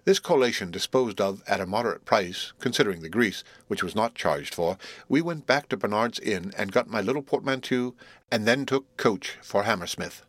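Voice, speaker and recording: A man narrating a classic novel as an audiobook, reading in a measured, even manner. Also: lowish voice, no echo. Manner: measured, even reading of old literary prose. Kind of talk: scripted narration.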